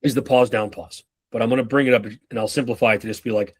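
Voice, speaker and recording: Casting: male sales coach in his thirties, mid-range pitch, loose and profane, slips into quick impressions. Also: steady tone. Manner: loose and profane, acts out customers and reps in quick bits. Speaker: sales trainer. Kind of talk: casual spoken sales training talk.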